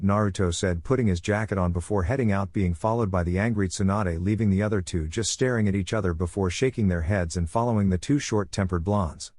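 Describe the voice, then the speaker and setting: A man narrating a fan-fiction story in a steady, even reading voice. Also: deep voice, fast, few pauses, no room sound.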